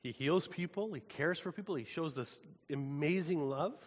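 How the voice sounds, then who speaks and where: Man, pastor, relaxed lively sermon, slightly high voice, long reverb. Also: normal speed. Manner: casual, animated, conversational preaching.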